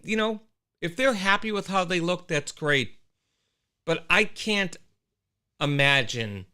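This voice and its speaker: A man hosting a casual livestream show, talking animatedly and greeting viewers from the chat. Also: on the high side. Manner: animated, exclaiming, with frequent restarts.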